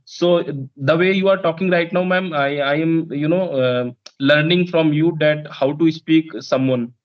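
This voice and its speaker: A man's voice: on the high side, measured pace. A man, a learner speaking hesitantly with many fillers in casual conversation practice. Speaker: English learner guest. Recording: dull lo-fi sound.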